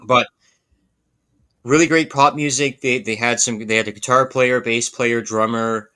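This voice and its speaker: A man's voice: mid-range voice, steady tone, unhurried, pushed and bright, clean tone. A man co-hosting a podcast, telling stories in an enthusiastic, laughing way. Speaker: podcast co-host. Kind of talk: casual chat.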